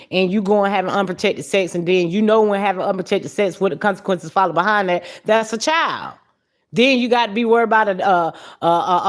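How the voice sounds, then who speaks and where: Woman hosting a live stream, swears a lot, talks blunt and lively, medium voice. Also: medium pitch. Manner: blunt, profane, animated. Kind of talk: casual live-stream commentary.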